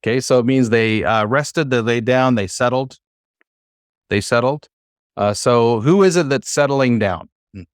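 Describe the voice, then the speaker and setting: A man's voice: mid-range voice, a little slow, clear, resonant tone, no room sound, clean studio sound. A man teaching a class, who explains patiently and coaxes his students to try reading aloud. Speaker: Hebrew teacher.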